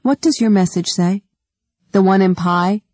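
A woman's voice: mid-range voice, unhurried, a little mellow, dry recording, close to an everyday voice. A woman reading aloud, voicing an earnest, emotional woman scientist who speaks with eager feeling. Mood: hopeful.

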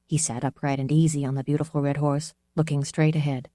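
Low-voiced woman reading a novel. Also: no room sound, clean studio sound. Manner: steady, measured storytelling. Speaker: narrator. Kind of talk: audiobook narration.

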